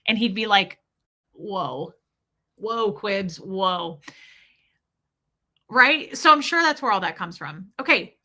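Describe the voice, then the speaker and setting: Woman, middle-aged, candid storytelling, bright tone, acts out voices. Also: mid-range voice. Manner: open, confessional, acts out voices of people in her stories.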